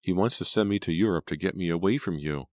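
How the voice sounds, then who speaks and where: A man's voice: low-pitched, quick pace, a little mellow, no room sound, close to an everyday voice. A man voicing a scornful young woman who practices witchcraft, in an imperious manner, reading an audiobook. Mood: urgent. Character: scheming young Southern belle witch, scornful. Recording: dry close studio sound.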